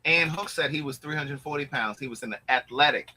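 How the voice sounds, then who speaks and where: This man talks in a very bright, slightly high voice. He gossips in a casual chat, animated and quick to act out what other people said. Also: slight background noise, low-quality recording. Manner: animated, gossipy storytelling with quoted asides. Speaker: host.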